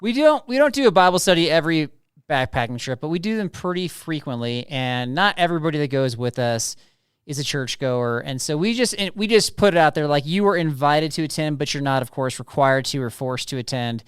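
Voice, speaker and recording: A male podcast host with a smooth, clear voice, pitched a touch high, keeps the chat upbeat and teasing. The sound is close and dry, with no room echo. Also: expressive, a little fast. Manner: upbeat and teasing, laughs easily. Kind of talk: casual interview chat.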